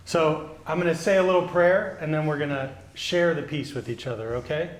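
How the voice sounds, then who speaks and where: A male pastor giving a children's sermon, gently asking the children questions and answering them. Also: on the high side, moderate pace, hardly any pauses. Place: church sanctuary. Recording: echoey church.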